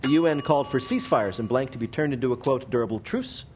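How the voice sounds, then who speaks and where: A man hosting a comic news quiz, reading questions with a brisk, wry deadpan delivery. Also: medium pitch, over music. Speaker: quiz show host.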